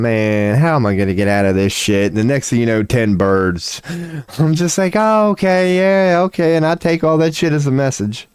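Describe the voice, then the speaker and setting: A man rambles on a livestream, cussing freely and laughing at himself. His voice sits low and comes through smooth and clear. The sound is dry and close, with no room in it. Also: a little mellow, no room sound. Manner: profane, laid-back, self-mocking with frequent laughs. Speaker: streamer. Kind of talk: casual rambling monologue. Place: at home.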